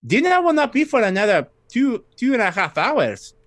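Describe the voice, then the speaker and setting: A man's voice: extremely high pitch, very animated, moderate pace, fairly bright tone, pitched above the performer's own voice, exaggerated voice. A man voicing a cheerful, chatty woman knight with a French-style accent who greets visitors in her kitchen. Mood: hospitable. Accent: French-style fantasy accent. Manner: chatty, polite, gushing.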